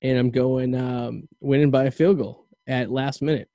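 A man's voice: medium pitch, steady tone, normal speed, dark tone, dry recording. A man hosting a podcast in casual chat, rambling and stammering through restarts. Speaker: podcast host.

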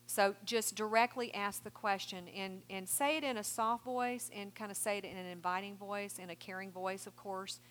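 A woman's voice: medium pitch, fairly even intonation, moderate pace, a little hiss or hum. Earnest woman counseling speaker. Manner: earnest, warm advice with quoted scripture. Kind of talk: seminar talk with Q&A.

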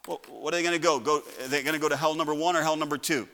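A male preacher with a bright, ringing voice pitched a little high. His passionate sermon climbs to loud shouts and then drops into quiet asides. His voice carries the long echo of a large hall. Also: steady tone, racing. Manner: impassioned preaching, rising to shouts then dropping low. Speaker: pastor.

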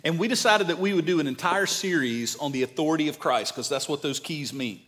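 A man's voice: fairly high pitch, a little fast, fairly bright tone. A man speaking as the church's pastor, enthusiastically introducing a guest speaker from the stage. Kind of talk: sermon introduction.

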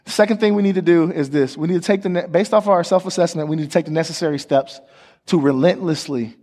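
This is a man preaching quickly in a voice on the high side with a slightly mellow quality. The pastor's sermon, recorded with long reverb from the church sanctuary, is call-and-response: he asks the congregation questions, has them repeat after him, and jokes with them between points.

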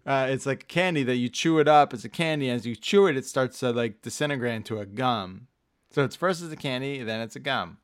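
A man's voice: mid-range voice, fairly quick, clean tone, dry recording. Crude funny guy rambling on a podcast, dead dry room. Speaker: podcast co-host. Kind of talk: casual comedic chat.

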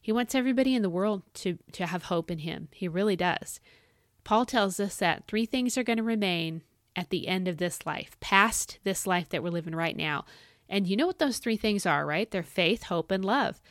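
A woman's voice: normal speed, no room sound, studio quality. Earnest woman hosting a devotional podcast. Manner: earnest and encouraging, asks listeners direct questions; swings between bright emphatic highs and soft low asides. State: thirsty, voice starting to crack. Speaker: podcast host.

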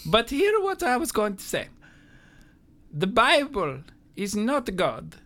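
A man doing a high, singsong mock-Italian theologian. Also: wildly swooping pitch, slow, bright, forceful tone, heavily acted. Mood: preachy. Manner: earnest, preachy, giggles through the accent. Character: pompous male theologian with fake Italian accent. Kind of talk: comedic role-play.

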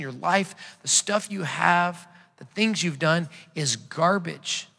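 A gravelly, bright-toned man in his thirties preaches a sermon in a conversational way and acts out stories with quoted dialogue. His voice sits a little high and rings with a long hall reverb. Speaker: pastor. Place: church sanctuary.

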